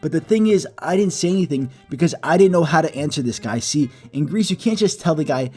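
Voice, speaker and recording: Brief: young male storytime narrator, profane and lively, slightly high pitch, light music bed. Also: brisk, slightly rough. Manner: profane, animated, self-mocking. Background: soft background music.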